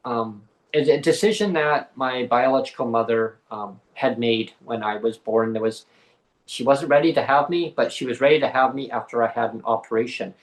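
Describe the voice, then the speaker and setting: A man, a podcast guest, telling a story in an animated way and acting out the voices in it. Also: mid-range voice, normal speed, rough recording. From Canada. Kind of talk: casual storytelling.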